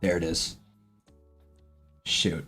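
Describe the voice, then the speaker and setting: A man's voice: drawn-out words, sharp tone, faint music behind. A man hosting a casual live sports stream at his own desk mic, loose and chatty, swearing now and then and talking to his chat.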